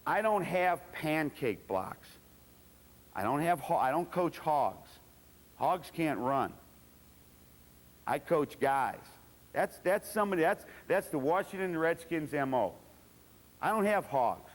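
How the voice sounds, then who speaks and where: A fired-up man coaching a room of football coaches, blunt and salty, jumping into his players' voices as he tells his stories. His voice sits on the higher side. The sound carries the long ring of a large hall. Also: slow, pauses often. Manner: blunt, profane, animated storytelling with acted quotes of players. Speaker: football coach giving a clinic talk. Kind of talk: coaching clinic lecture.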